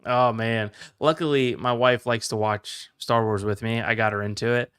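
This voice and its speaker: Guy guesting on a podcast, smooth voice, gets worked up and passionate. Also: mid-range voice, fairly even intonation, moderate pace, a bit bright. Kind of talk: casual chat.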